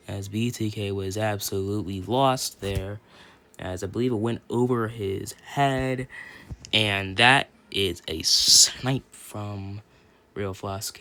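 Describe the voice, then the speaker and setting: A young man doing casual play-by-play commentary for an online hockey league on his phone, rambling and correcting himself, then shouting when someone scores. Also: lowish voice, gravelly. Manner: rambling, self-correcting, bursts into excited shouts on goals.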